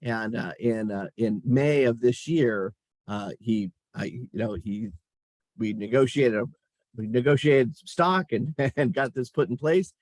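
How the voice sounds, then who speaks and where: A man's voice: mid-range voice, unhurried, no room sound. A middle-aged man, a company chief executive, telling stories about his career in a casual interview and chuckling as he talks. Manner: animated storyteller, chuckles while talking.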